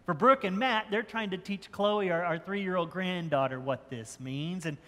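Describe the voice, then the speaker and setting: A man's voice: high voice, moderate pace, sharp tone. Older man preaching in an echoing church. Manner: conversational preaching with repeated restarts. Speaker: pastor. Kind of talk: sermon. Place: church sanctuary. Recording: church hall with long reverb.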